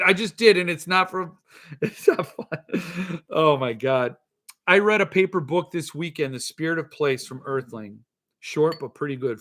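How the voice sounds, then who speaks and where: Middle-aged male host, solo podcast chat, bright forceful tone, exasperated and ranting. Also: fairly high pitch. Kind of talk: casual solo podcast reading chat comments.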